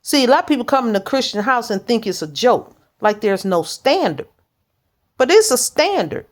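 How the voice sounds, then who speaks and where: A woman's voice: fairly high pitch, big pitch swings, normal speed. A woman church leader preaching informally in a blunt, direct, plain-spoken way.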